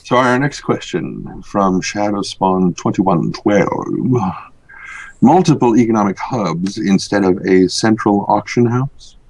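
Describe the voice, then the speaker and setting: A man's voice: fairly low pitch, lively intonation, slow, a little mellow, low-quality recording. A man co-hosting a podcast in casual chat, dry and teasing.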